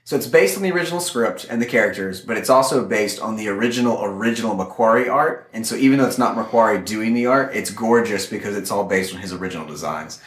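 A man co-hosting a podcast, explaining things in a measured, knowledgeable way during casual chat. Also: on the low side. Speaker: podcast co-host. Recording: echoey room.

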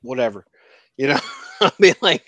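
A man on a casual podcast gives frank, earnest takes on films in an ordinary middle-pitched voice. The sound is dry and close, with no room echo. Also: big pitch swings, moderate pace, a bit bright. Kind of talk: casual pop-culture chat.

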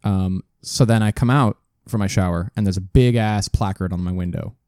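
A man with a fairly low, mellow voice tells a story in a loose, rambling way, cursing often and doubling back to fix details. He is close on a studio desk mic with a dry, dead sound. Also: normal speed, no room sound. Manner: rambling, profane, self-correcting. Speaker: podcast host telling a story. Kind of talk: casual storytelling chat.

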